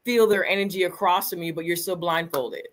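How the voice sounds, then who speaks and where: Low-voiced woman chatting on a talk show, relaxed and easygoing. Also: brisk. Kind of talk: casual chat.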